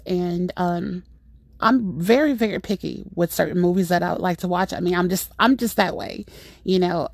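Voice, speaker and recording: A middle-aged woman hosting a podcast, telling a story in a rambling, exasperated, animated way. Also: medium pitch, gravelly, dry recording, studio quality. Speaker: podcast host. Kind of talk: casual storytelling monologue.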